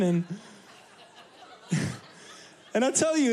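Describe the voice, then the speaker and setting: A man preaching a sermon as a church pastor, telling stories with animated, rising delivery. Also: slow, long pauses. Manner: animated storyteller, rising high when excited.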